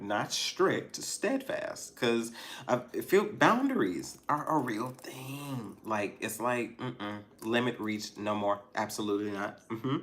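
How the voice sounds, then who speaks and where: A man giving a casual tarot reading to his viewers, thinking aloud, restarting his sentences and talking straight to them. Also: lowish voice. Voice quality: musing, stops and restarts, soft laughs. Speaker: tarot reader.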